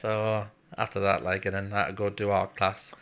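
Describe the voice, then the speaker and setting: Casual: bloke, former serviceman, lowish voice with a bright forceful edge, blunt and sweary, telling a story with plenty of laughs. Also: flat delivery, brisk, vocal fry. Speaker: guest, former RAF serviceman. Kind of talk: casual storytelling in a podcast chat.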